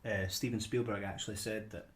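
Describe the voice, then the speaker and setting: List: man, podcast co-host, low voice, casual film talk, rambling, repeats words. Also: little pitch movement, fairly quick. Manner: rambling, repeats words as he builds his point.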